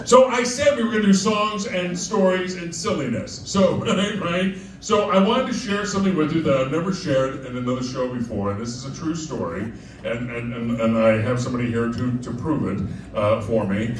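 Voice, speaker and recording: A man's voice: medium pitch, moderate pace. A man performing live comic storytelling at a club, chatty and digressive, often laughing as he talks. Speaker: cabaret performer. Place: club stage with diners. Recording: echoey live room, distant mic, crowd noise.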